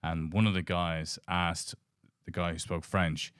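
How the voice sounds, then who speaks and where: A man in his late forties with a very low voice spins a rambling podcast anecdote, stopping and restarting as he goes. The sound is dry and close, with no room around it. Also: little pitch movement, a bit bright, clean tone, dry recording. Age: late 40s. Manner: meandering, halting anecdotes with restarts. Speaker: podcast co-host. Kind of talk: casual storytelling chat.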